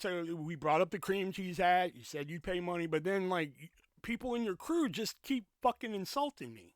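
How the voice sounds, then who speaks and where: A podcast host telling a story in a rambling, profane, animated way, in a casual storytelling rant. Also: male voice, high voice, normal speed, no room sound. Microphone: podcast mic with pop filter.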